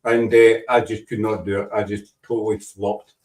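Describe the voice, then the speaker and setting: A man's voice: fairly low pitch, flat delivery, moderate pace, darkish tone. Scottish male podcast host, playful ribbing, slightly distant recording. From Scotland. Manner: teasing, playful, chatty. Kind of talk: casual chat. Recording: voice distant from the mic.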